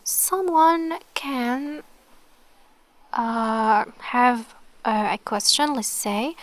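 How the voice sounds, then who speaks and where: A woman gives an online alphabet lesson at an unhurried, careful pace, in a slightly raised voice. She repeats each sound patiently, checks in with her learners again and again, and softens almost to a whisper when sounding out letters. The recording is dry and close. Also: a little high, no room sound. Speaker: Arabic teacher.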